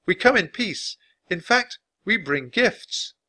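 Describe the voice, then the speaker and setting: A man's voice: high-pitched, animated, takes it slowly, bright, forceful tone, pitched above the performer's own voice, exaggerated voice. A man voicing Jack, a cautious, bookish young boy, in a slightly raised, earnest storybook voice.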